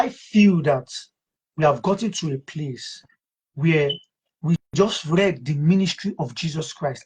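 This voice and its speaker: A man's voice: fairly high pitch, slightly rough, low-quality recording. A man hosting a talk who reads Bible verses aloud and comments on them, repeating key words for emphasis. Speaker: host.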